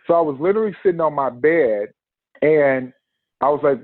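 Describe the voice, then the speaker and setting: A man's voice: mid-range voice, a little fast, no echo. A man telling a personal story in a podcast interview, acting out the quotes and laughing often. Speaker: podcast guest. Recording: tinny phone-line sound, dry.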